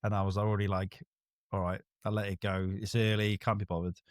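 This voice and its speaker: A man, co-host of a podcast, chatting casually and telling an animated story in which he acts out other people's lines. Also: lowish voice, brisk, no echo, clean studio sound. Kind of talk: casual chat.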